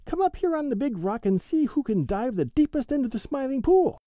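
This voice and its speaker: A man voicing a lively young male mink in a storybook reading, high and excited. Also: moderate pace, no room sound, clean studio sound, full character voice.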